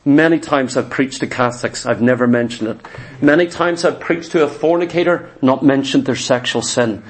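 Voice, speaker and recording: A man preaching a sermon in an animated, emphatic way, often firing questions at his listeners. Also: mid-range voice, normal speed.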